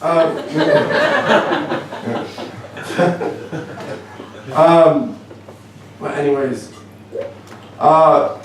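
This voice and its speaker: Man, Canadian accent, stand-up comedy, wry, self-deprecating, halting fillers, slightly high voice, echoey club room. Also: steady tone, far from the mic. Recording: echoey club, voice from afar, faint room noise.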